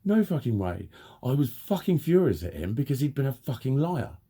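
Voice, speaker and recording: A man's voice: mid-range voice, sing-song, moderate pace, warm tone, husky. A man in a heated, blunt personal rant, swearing constantly as he tells his story to camera. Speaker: vlogger.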